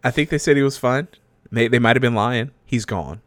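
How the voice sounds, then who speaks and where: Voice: medium pitch, fairly quick, no room sound. A podcast co-host chiming in with dry, wry remarks during casual chat.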